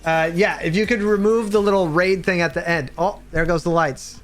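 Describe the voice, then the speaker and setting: A man live-streaming a game, rambling and hesitant, then bursting into excited high-pitched reactions. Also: moderate pace, faint music behind. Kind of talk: live gameplay stream chat.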